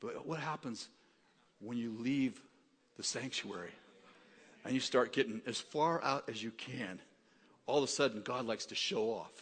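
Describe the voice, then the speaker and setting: A man preaching a sermon, telling jokey stories that build to excited rising questions. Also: medium pitch, a little slow, pauses often, slightly rough, in a large hall. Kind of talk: sermon with storytelling.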